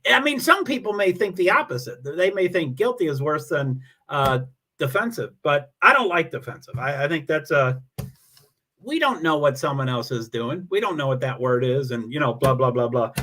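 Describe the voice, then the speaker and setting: Bright-voiced man rambling on a livestream. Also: on the high side, big pitch swings, normal speed, slight background noise. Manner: rambling and self-deprecating, with many restarts. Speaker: livestream host reading viewer comments. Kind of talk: casual livestream chat.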